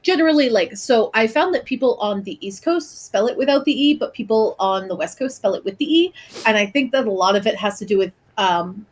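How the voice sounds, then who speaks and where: A young woman co-hosting a podcast in casual chat, talking in quick, laughing asides. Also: medium pitch, expressive. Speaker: podcast co-host; teacher.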